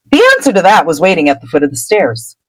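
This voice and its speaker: A woman's voice: on the low side, a little hiss or hum, poor audio. A woman podcast host casually recapping a book chapter, laughing and popping into character voices. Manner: animated, laughing storyteller.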